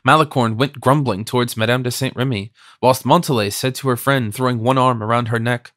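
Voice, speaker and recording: A man narrating a classic novel as an audiobook in a measured, even reading. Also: mid-range voice, no echo, studio quality. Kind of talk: scripted narration.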